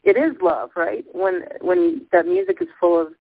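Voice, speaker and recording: Ecstatic woman caller, high lively voice with a gravelly edge, shaking with emotion, dry phone-line audio. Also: normal speed, no echo. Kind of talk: spiritual call-in chat.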